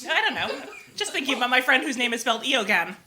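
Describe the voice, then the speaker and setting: A woman guest on a live comedy podcast, telling playful, giggly stories. Her voice sits a little high, with a bright, sharp edge and a lively lilt. Faint venue noise hangs behind her. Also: fast talker.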